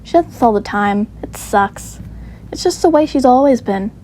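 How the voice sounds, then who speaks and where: Woman doing a resigned young girl, flat delivery, weary, soft tone, fairly high. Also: moderate pace, slight background noise, lightly acted. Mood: fed up. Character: weary young daughter, tired of her mother.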